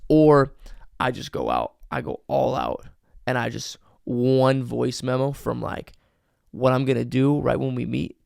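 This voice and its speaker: A man hosting a podcast, giving casual advice in an energetic, emphatic way with many fillers. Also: mid-range voice, gravelly, dry recording, studio quality. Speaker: podcast host.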